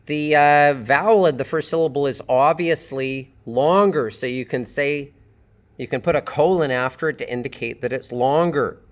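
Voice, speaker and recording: Slow-talking man teaching English phonetics. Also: mid-range voice. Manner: explains slowly, drawing out sample words. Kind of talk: classroom lecture.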